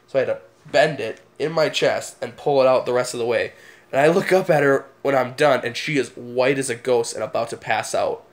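A man's voice: medium pitch, a little fast. A young man, casually telling funny stories to the camera and laughing at them. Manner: laid-back, laughs at his own stories. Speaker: vlogger.

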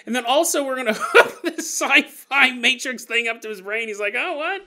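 Bright-voiced, joking male podcast host. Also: very high-pitched, moderate pace. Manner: jokey, laughs often, acts out quoted voices. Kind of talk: casual solo podcast monologue.

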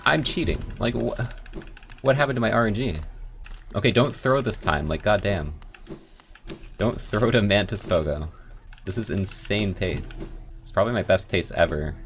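A man commenting casually on his own speedrun as he plays, chatty and full of "like" fillers, with loud bursts of excitement. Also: low-pitched, moderate pace, pauses often, slight background noise. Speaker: speedrunner streaming a game run. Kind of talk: casual live gameplay commentary.

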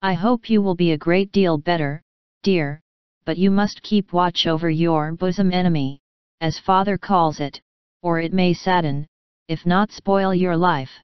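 A woman voicing a calm, tender middle-aged mother in a storybook reading, slightly dull lo-fi audio. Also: lowish voice, unhurried, clean tone, no echo, lightly acted. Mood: earnest.

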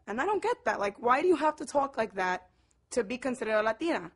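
Lively higher-voiced young woman from Brooklyn. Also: fast talker, slightly rough. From Brooklyn, New York. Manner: lively, switches between English and Spanish. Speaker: storyteller. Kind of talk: personal monologue to camera.

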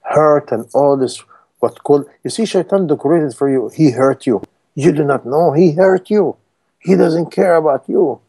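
A man's voice: on the high side, normal speed, warm tone, slightly rough. A man preaching a sermon in non-native English, emphatic and full of rhetorical questions to his listeners.

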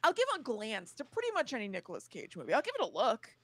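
A woman's voice: a little high, huge pitch swings, quick pace, no echo. A woman co-hosting a podcast, chatting casually and giving frank, opinionated takes. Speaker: podcast co-host. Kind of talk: casual chat.

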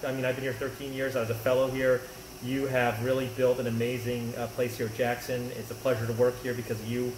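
A man's voice: mid-range voice, monotone, quick pace. A man who works as a doctor giving a casual, good-humored farewell message. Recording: echoey room with clear background noise.

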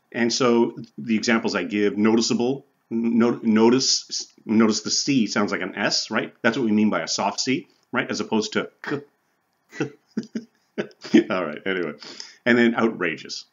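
A man's voice: fairly low pitch, lo-fi sound. A man teaching a recorded college English lecture in a conversational way, often checking in with "right?" and "okay?" and chuckling now and then. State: sweating from the heat. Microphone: recording for online viewers.

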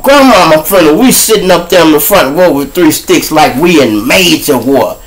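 Man, show host, animated storytelling, profane, street talk. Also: a little high, normal speed, faint music behind, poor audio. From Chicago. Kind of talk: storytelling monologue.

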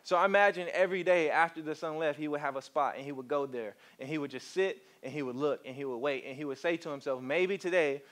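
Man preaching, fairly high voice, animated storyteller who keeps coaxing the crowd. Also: fast talker, few pauses. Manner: animated storytelling, coaxes the congregation. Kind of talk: sermon.

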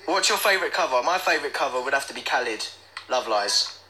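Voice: medium pitch, lively intonation, fast talker, bright, forceful tone, slight background noise, poor audio. A livestream host in casual chat, playfully answering fan comments one by one. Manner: playful, answers fans directly, breaks into sung snippets.

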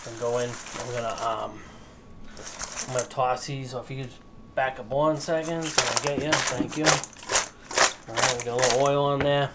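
Cooking at an outdoor grill, a man with a Massachusetts accent chats casually and cracks self-mocking dad jokes as he goes. His medium-pitched voice has fairly even intonation at a moderate pace, with long pauses. The recording is very noisy.

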